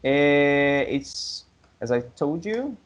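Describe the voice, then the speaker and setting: A man's voice: fairly high pitch, very animated. Patient man tutoring over video call. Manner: patient, explains slowly with examples. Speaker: Spanish tutor. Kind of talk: online language lesson. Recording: slightly dull video call audio.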